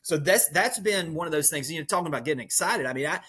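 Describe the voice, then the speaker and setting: A man, a podcast guest, speaking as an energetic motivational storyteller who leans on metaphors. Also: on the high side, fast, slightly rough. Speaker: podcast guest, real estate leader. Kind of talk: motivational conversation.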